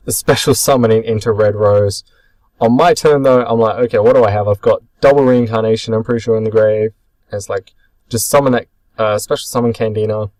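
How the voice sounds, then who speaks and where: A young man casually narrating his own card game match, chatty and rambling, often pausing to correct himself. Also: on the low side, a little mellow, no echo, rough recording. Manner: chatty, rambling, self-correcting with many ums. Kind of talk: casual commentary over match footage.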